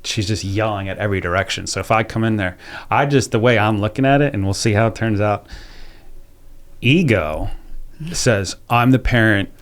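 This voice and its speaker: Reflective young man hosting, low voice. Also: moderate pace. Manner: reflective, restarts sentences while thinking aloud. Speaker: podcast host. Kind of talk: conversational interview.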